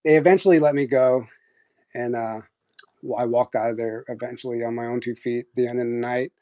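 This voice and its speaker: A man's voice: medium pitch, steady tone, brisk, mellow. A young man casually telling a personal story on a live audio chat, rambling, full of restarts and quoted dialogue.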